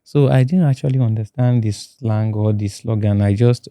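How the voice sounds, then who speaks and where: A man from Nigeria with a Nigerian accent, telling his own story as a podcast guest in a halting way, often repeating words. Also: on the low side, warm tone, no room sound. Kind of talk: personal testimony in a podcast interview. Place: podcast studio.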